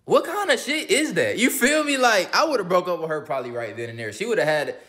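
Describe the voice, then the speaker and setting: A man's voice: high-pitched, sing-song, fairly quick, a bit bright. A man hosting a reaction video, giving blunt, profane, casual commentary and often asking "you feel me".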